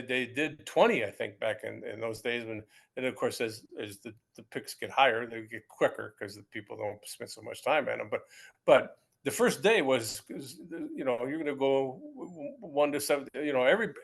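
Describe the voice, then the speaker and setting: A man's voice: medium pitch, creaky, fairly bright tone, breathy edge. A man in his seventies, a former pro football player, telling stories in a casual interview with many restarts and repeated words. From United States.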